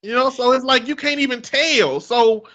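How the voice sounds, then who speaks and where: Bright, forceful man, wry joking storyteller, casual co-host. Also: very high voice, moderate pace, lo-fi sound. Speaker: podcast co-host. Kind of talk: casual chat.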